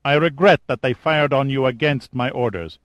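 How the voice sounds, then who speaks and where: A man's voice: medium pitch, moderate pace, no echo, muffled recording, voice pushed up, close to an everyday voice. A man voicing a cold, commanding military general in an audiobook, speaking in a clipped, threatening way. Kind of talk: audiobook character voice.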